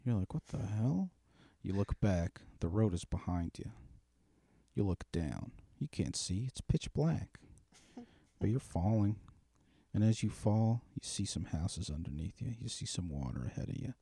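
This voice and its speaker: A man's voice: low voice, lively intonation, moderate pace, vocal fry, mellow, slightly rough, dry recording, clean studio sound. A man in casual chat, rambling and swearing as he spins a darkly comic story.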